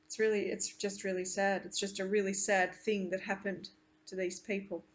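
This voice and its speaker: A woman, a teacher, reading a novel aloud to her class and stopping to explain it in earnest, halting asides. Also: mid-range voice, flat delivery.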